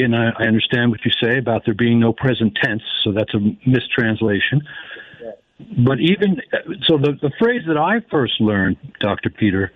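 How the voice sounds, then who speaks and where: Halting male caller on a tinny phone line. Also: medium pitch, animated, dry recording. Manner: halting, reflective, slows to stress quoted phrases. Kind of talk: phone-in call.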